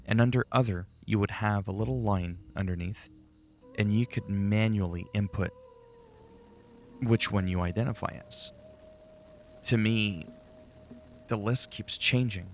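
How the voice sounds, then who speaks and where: A man's voice: lowish voice, unhurried, long pauses, soft background music. A man giving casual, rambling commentary while playing a game, chatty and swearing freely. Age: adult, long-time player. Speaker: gaming channel host.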